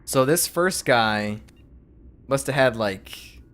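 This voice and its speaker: A man's voice: medium pitch, expressive, slow pace, a bit bright. A man streaming a game, casually reading its text aloud in his own voice with asides.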